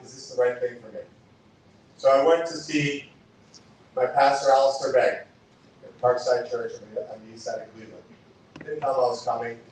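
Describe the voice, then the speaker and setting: A man's voice: medium pitch, darkish tone, recorded from a distance, slight background noise. Emphatic man speaking in an echoey hall. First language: Spanish. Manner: emphatic, repeats lines for effect. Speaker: political candidate giving a campaign speech. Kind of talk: campaign stump speech.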